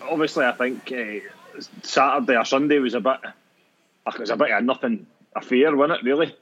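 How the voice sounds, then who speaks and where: A man's voice: mid-range voice, brisk, a bit bright, dull audio. A man with a Scottish accent, co-hosting a casual football chat, hesitant and prone to repeating himself. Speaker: podcast co-host.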